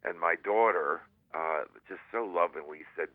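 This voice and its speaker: An older man with a very low voice talks over a thin, tinny phone line. He rambles and stops himself often, padding the talk with fillers before landing on a corny joke. The line sounds dry and close. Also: dry recording. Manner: rambling, halting, with many fillers and jokes. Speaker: guest columnist. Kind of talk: casual radio chat over the phone. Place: at home in San Diego.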